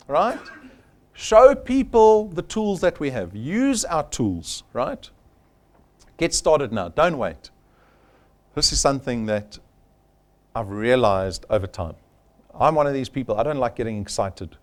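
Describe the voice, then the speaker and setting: Emphatic man, lively pitch. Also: unhurried, long pauses. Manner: emphatic, punchy, repeats key points. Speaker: sales trainer. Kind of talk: live workshop presentation.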